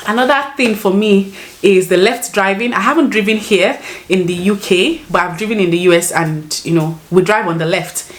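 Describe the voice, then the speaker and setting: A woman's voice: mid-range voice, moderate pace, few pauses. Chatty Nigerian woman vlogging. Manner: chatty, laughs often, rephrases mid-sentence. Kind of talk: casual chat to camera.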